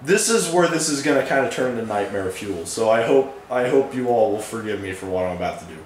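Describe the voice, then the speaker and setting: A man's voice: mid-range voice, lively intonation, fast talker. A man co-hosting a casual chat while drawing, playfully setting up jokes. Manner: playful, leads the joke setups. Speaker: co-host. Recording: roomy with faint noise.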